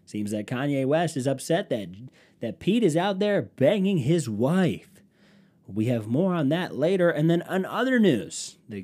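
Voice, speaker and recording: A man's voice: on the high side, darkish tone, voice pushed up. A man doing a pompous mock newscaster. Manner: slow, overly formal news delivery. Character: mock male TV newscaster, self-important. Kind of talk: parody news segment.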